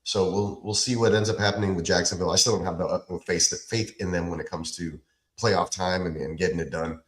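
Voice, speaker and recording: Male podcast host, deep voice, relaxed analyst, echoey room sound. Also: a little fast. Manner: laid-back analysis, does plugs and shout-outs. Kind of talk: casual sports chat.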